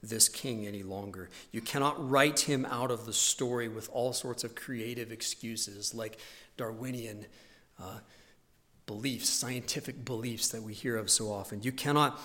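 A male pastor preaching a sermon earnestly, rising loud on key points and dropping low and quiet, in a church sanctuary. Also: unhurried. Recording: long hall reverb.

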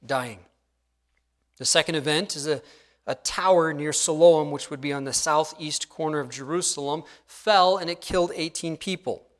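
A middle-aged male pastor preaching a sermon in an earnest way, often dropping to a hushed tone to stress a point. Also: fairly high pitch.

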